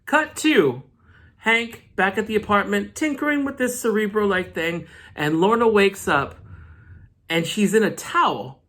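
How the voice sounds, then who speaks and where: A man's voice: high-pitched, animated, a little slow, a bit bright. A man recapping a comic book issue in a casual vlog, with joking, slangy asides.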